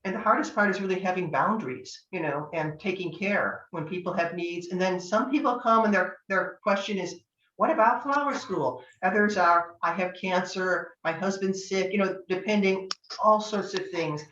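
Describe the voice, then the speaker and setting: A woman's voice: lowish voice, moderate pace, a bit bright, a little hiss or hum. An older woman from Northern California teaching tarot in a chatty, anecdotal way, acting out bits of dialogue. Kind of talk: online master class talk. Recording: echoey, distant, dull lo-fi sound.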